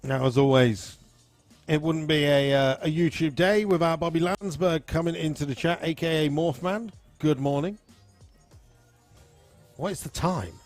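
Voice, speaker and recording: An easygoing man in his forties chats his way through a live stream, rambling between stories and viewer shout-outs. Faint music plays softly behind him. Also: on the high side, unhurried. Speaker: live-stream host at a drag racing venue. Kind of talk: casual live-stream chat reading viewer comments.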